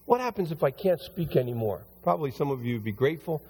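A man preaching a conversational sermon as pastor, his voice a little hoarse and recovering. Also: on the high side, big pitch swings, quick pace, a little mellow. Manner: conversational, rambling with restarts. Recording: long hall reverb.

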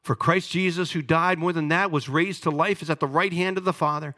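Bright, high-voiced preacher man. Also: steady tone, fairly quick. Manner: emphatic, calls congregation to respond. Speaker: pastor. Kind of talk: sermon.

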